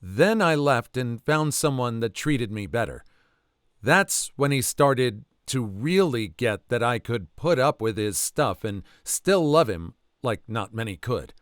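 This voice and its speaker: A man reading online stories aloud with lively storytelling. His pitch swings widely as he speaks. The sound is dry, with no room echo. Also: measured pace, clean tone. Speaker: narrator.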